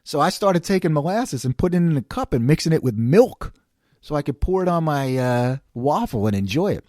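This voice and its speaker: A lively, storytelling man with a New York accent, his voice climbing and falling as he acts out the people in his anecdotes. His tone sits a bit high for a man, and the sound is close and dry with no room around it. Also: fairly quick, no echo. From New York City area. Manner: animated, acts out quoted voices, laughs often. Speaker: podcast host. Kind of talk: casual storytelling monologue.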